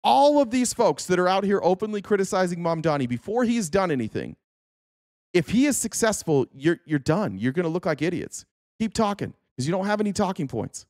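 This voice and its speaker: A man's voice: sits high, very animated, a little fast, darkish tone, no room sound, studio quality. A man hosting a livestream, reacting to political clips with sarcastic, profane casual commentary.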